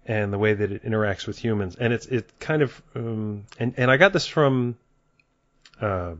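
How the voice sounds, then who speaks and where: A man leading a casual book discussion, thoughtful and halting, with many fillers. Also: fairly low pitch, fairly bright tone, no echo, lo-fi sound.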